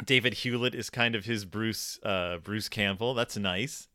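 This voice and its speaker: A man's voice: on the low side, measured pace, sharp tone, no echo, clean studio sound. A man co-hosting a casual podcast chat, rambling with laughs and restarts. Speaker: podcast co-host. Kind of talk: casual chat reviewing a horror episode.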